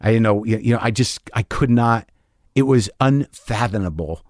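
A man recounts a painful story in an expressive, swearing voice that rises and falls widely. It is recorded close to the mic with almost no room sound. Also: medium pitch, moderate pace, no echo. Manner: animated, profane, emotional, acts out his own past lines. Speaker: comedian. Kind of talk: storytelling in conversation.

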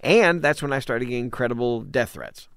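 A man's voice: medium pitch, normal speed, fairly bright tone, smooth, no room sound, studio quality. A middle-aged man, a comedian, chatting casually as a guest and telling rambling stories. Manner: rambling storyteller, acts out quoted lines. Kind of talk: casual chat.

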